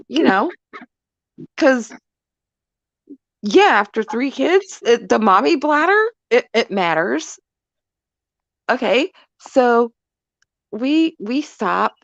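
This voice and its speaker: A middle-aged woman hosting a casual chat, telling a story in an animated, emphatic way. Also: a little high, slow pace, pauses often, dry recording. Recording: dull lo-fi dry audio.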